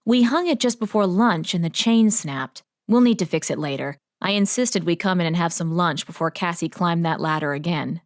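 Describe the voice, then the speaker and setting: A woman's voice: fairly low pitch, normal speed, hardly any pauses, no room sound, studio quality, lightly acted. A woman voicing a sensible, polite young woman new to town. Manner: polite, explaining.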